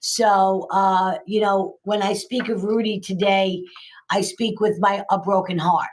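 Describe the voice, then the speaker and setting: Older new lady guest, average pitch, hammers her points home over and over. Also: steady tone, a little slow. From New York, USA. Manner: emphatic, repeats phrases for effect. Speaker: guest, local politician. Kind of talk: casual political chat.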